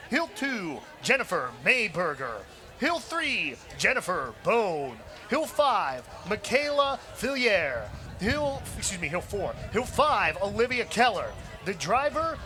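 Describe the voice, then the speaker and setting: A man doing live race commentary outdoors, reading lineups and calling the action brisk. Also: high-pitched, bright, forceful tone. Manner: reads team lineups, brisk play-by-play. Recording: outdoor crowd noise.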